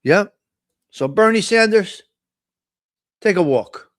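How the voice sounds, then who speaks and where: A man's voice: high voice, animated, a little slow, a bit bright, no echo. A middle-aged man with a New York-area accent hosting a live morning talk stream, rambling through crude, joking banter. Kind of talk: casual live-stream chat.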